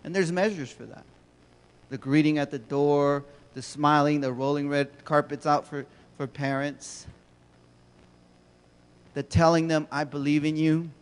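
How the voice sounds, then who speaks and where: Guy giving a chatty keynote, kinda high voice, big reverby hall. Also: steady tone, measured pace, long pauses, clean tone. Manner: storytelling, conversational, asks the audience questions. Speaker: keynote speaker. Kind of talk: motivational keynote talk.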